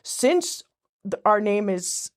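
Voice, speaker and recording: A woman's voice: mid-range voice, sing-song, slow pace. A woman guest in casual podcast conversation, talking in a rambling way that often breaks off and restarts mid-sentence. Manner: rambling, self-interrupting, frequent restarts.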